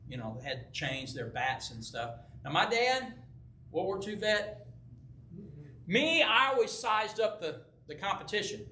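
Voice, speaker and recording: Older pastor, bright and lively. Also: male voice, high voice, moderate pace, a little hiss or hum. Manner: folksy storytelling, acts out quoted voices. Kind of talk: sermon with personal story. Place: church sanctuary. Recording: echoey church from a distance.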